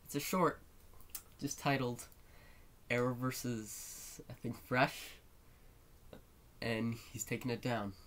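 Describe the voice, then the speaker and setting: A man's voice: mid-range voice, fairly even intonation, takes it slowly, long pauses, a bit bright. A man with a cold and a stuffy nose, rambling in a mock-serious, mournful way and swearing a lot in a casual vlog. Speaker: YouTuber.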